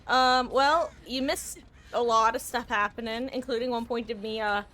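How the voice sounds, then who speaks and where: A woman streaming a game live, giving chatty, playful commentary with quick asides. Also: fairly high pitch, fairly even intonation, sharp tone.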